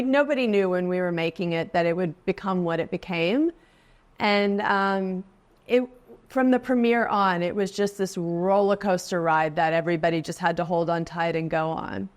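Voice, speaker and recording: In a mid-range voice, a forties-aged actress chats casually as an interview guest, laughing frequently and pitching her voice up when quoting others.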